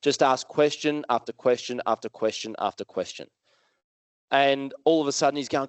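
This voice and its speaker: A man with an Australian accent giving a live keynote talk, telling stories in a lively, conversational way and putting questions to the audience. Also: mid-range voice, moderate pace, smooth, no room sound. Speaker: motivational speaker. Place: live event hall with audience.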